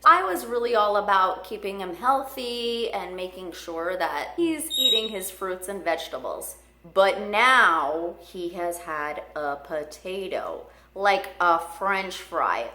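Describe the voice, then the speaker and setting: A woman's voice: medium pitch, takes it slowly, few pauses, bright, forceful tone. A woman from the United States telling a casual family story in a chatty way, full of "like". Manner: chatty, filler-heavy with frequent "like". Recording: roomy echo.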